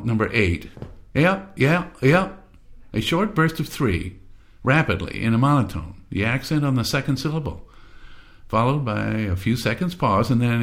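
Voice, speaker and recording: A man giving a folksy spoken explanation, acting out little sounds with playful swings in his voice. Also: mid-range voice. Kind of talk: casual spoken explanation with demonstrations.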